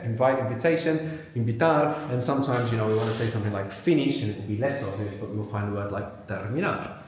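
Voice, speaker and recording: A medium-pitched man leads a language workshop in front of a live audience, patiently quizzing people and saying words back to them. The room echoes strongly, and there's a slight hiss or hum.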